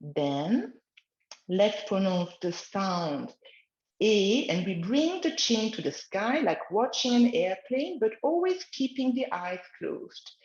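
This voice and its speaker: Slow, gentle woman guiding a relaxation exercise. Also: mid-range voice, big pitch swings, roomy sound, highs cut off. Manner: slow, gentle guiding of breathing and neck movements. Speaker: wellness instructor. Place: outdoors in the countryside, chickens nearby.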